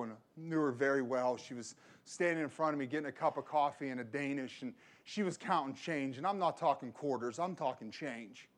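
A man preaching a sermon as a pastor, telling a personal story and repeating phrases for emphasis. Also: medium pitch.

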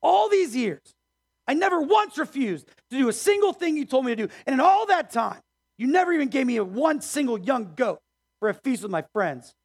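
A preacher putting on a furious older brother, a young man yelling his grievances in a high, strained voice. He is loud and indignant, pitched well above the speaker's own already high tone, every complaint pushed hard. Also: big pitch swings, moderate pace, slightly rough, full character voice. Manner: shouting, outraged complaints.

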